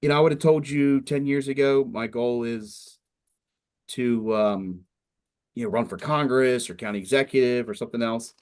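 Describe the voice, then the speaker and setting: A man's voice: mid-range voice, normal speed, a little mellow. A middle-aged man speaking as a state senator to students, talking casually and rambling with frequent fillers. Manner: rambling, conversational, frequent "you know".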